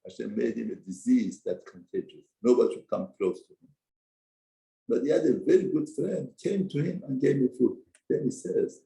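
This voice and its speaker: A man giving a Torah class, telling a story with lively emphasis and broken English phrasing. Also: mid-range voice, moderate pace, gravelly, roomy sound, poor audio. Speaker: Torah teacher. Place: study hall.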